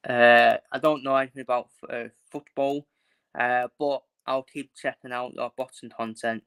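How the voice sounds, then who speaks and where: A man's voice: medium pitch, fairly even intonation, normal speed, a bit bright, smooth. A man from England ranting casually about football in a blunt, repetitive way, previewing matches for his channel.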